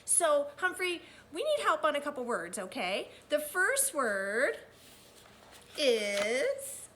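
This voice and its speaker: A young woman teaching children, reading aloud and going over vocabulary words in an animated, encouraging, sing-song voice. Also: sits high, measured pace, slight background noise.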